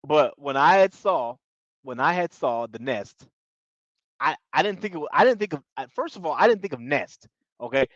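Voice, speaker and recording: A man's voice: on the high side, expressive, moderate pace, no echo. A man casually recapping a reality show in slangy talk, laughing often. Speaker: TV show reviewer. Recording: dull lo-fi dry audio.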